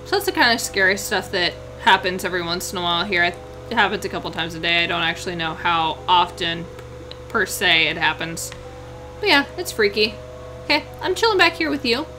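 A woman hosting a let's play, chatting through the game and breaking into excited squeals and exclamations. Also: lowish voice, brisk, a little hiss or hum, low-quality recording. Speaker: gaming channel host.

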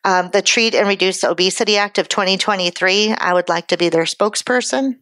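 A chatty woman giving a conference talk, her voice at an ordinary middle pitch and recorded close and dry. She keeps slipping in joking, self-deprecating asides and laughs at her own humor. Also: a little fast, fairly bright tone, no room sound. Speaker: insurance broker giving a presentation. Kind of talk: conference presentation.

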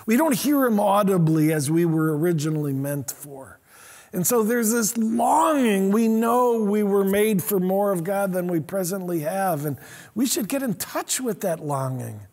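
A middle-aged pastor with a high, husky voice preaches an animated sermon, putting on voices for the quotes he reads. He moves between earnest urging and quieter asides.

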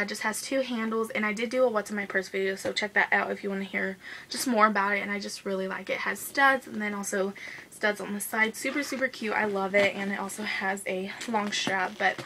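A young woman talks through her monthly favorites with a bright, crisp tone. She gushes and rushes, leaning on "like" and "guys" in a loose, casual vlog style. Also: medium pitch, a little hiss or hum, poor audio. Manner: gushing, fast-talking, says "like" and "guys" a lot. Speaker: beauty vlogger.

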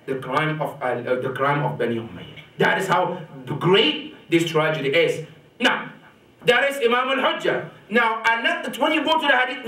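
A man preaching a sermon to a congregation, rising sharply on his main points, dropping low for quotations and often asking "right?". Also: sharp tone. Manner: repeats rhetorical "right?" to the congregation. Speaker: sheikh giving a religious lecture. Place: mosque or community center hall. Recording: echoey hall, mic from a distance.

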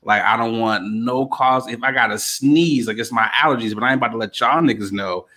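A man co-hosting a casual podcast from home, bantering loudly with lots of slang and laughter over a remote call. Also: mid-range voice, brisk. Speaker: podcast co-host. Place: home in Chicago.

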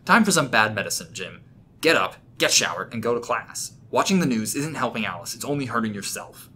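A man's voice: medium pitch, sing-song, brisk, pushed and bright. A man voicing a sarcastic, lecturing roommate. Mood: scolding. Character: blunt, fed-up male college roommate.

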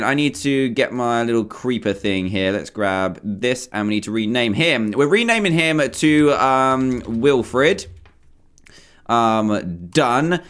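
A young man hosting a gaming video, chatting casually over gameplay, excitable and rambling, with frequent ums and self-corrections. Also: medium pitch, clear, resonant tone.

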